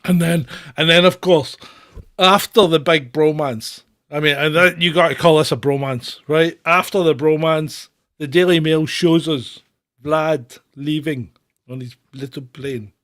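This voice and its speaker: A man's voice: a little high, steady tone, measured pace, fairly bright tone. A man hosting a casual commentary chat, laughing often and swearing freely. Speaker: host.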